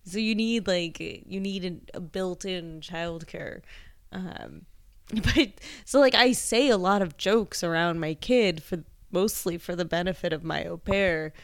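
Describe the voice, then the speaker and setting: Animated woman comic in dry close sound. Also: lowish voice, unhurried, clear, resonant tone, no room sound. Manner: animated, swearing, laughs often. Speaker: comedian. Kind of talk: casual chat.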